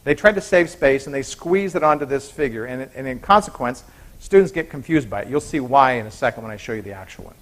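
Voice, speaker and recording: A man's voice: mid-range voice, expressive, fast, fairly bright tone. A man giving a university biochemistry lecture in a chatty way, often stopping to correct himself. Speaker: biochemistry professor.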